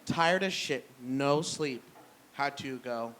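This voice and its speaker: A man doing a stand-up comedy set in a brewery, blunt and profane with a deadpan delivery. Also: mid-range voice, slow. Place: brewery venue with live audience. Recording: noisy live room.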